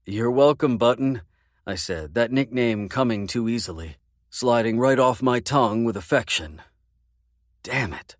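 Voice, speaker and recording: A man's voice: medium pitch, animated, no echo. Dry, close male audiobook narrator. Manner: measured, intimate storytelling. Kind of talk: first-person romance audiobook narration.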